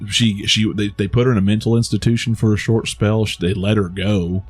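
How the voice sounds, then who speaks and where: A man's voice: fairly low pitch, level tone, fairly quick, slightly rough, soft background music. A man co-hosting a podcast, chatting casually about a movie with a lot of restarts and self-amused laughs. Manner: rambling, many restarts, laughs at his own jokes. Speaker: podcast co-host. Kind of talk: casual movie review chat.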